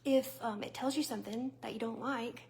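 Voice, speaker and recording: A woman's voice: fairly high pitch, fairly even intonation, a little fast, a little mellow. A woman with a Southern US accent talking casually to viewers, chatty and conversational, with fillers and little laughs. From Southern United States. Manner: talks straight to viewers. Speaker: vlogger and small business owner. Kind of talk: casual talk to camera.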